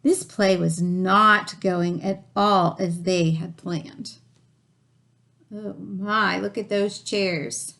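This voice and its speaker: A woman reading a picture book aloud to children, gentle and storytelling, then chatting about the story. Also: mid-range voice, steady tone, extremely slow, vocal fry.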